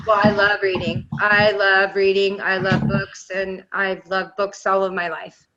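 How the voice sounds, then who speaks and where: A woman's voice: medium pitch, little pitch movement, measured pace, few pauses, bright, forceful tone, highs cut off, a little hiss or hum. A middle-aged woman on a discussion panel, telling a long personal story in a rambling, enthusiastic way. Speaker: panel guest. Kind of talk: round-table discussion.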